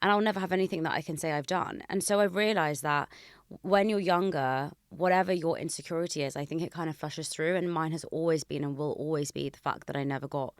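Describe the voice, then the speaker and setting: Low-voiced woman in her thirties, candid. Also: quick pace, no room sound, studio quality. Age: 30s. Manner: candid, reflective, emotional openness. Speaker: podcast host. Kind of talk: casual chat.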